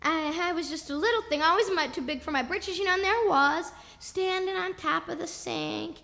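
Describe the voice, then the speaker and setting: Profane high-voiced woman doing spoken word. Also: fairly quick, vocal fry, pushed and bright. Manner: raw, profane, rhythmic storytelling. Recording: long reverb.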